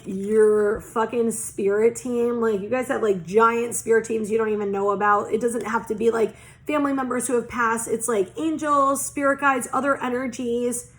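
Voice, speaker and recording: A fairly high-voiced woman talks through an oracle card reading in a loose, rambling way. She leans on "like" constantly and drops casual swear words as she goes. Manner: chatty, rambling, swears casually, many "like" fillers. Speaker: psychic oracle card reader.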